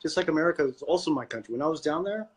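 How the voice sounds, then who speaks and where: A man's voice: on the high side, expressive, racing, husky. A man from Canada co-hosting a podcast, ranting about politics in a profane, worked-up way and often repeating words. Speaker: podcast co-host. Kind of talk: casual political chat.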